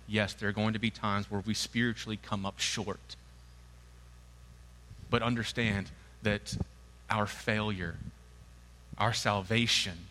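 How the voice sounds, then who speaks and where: A man's voice: lowish voice, bright, forceful tone. A man preaching a sermon in an earnest, emphatic and conversational way. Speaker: pastor. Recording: long hall reverb.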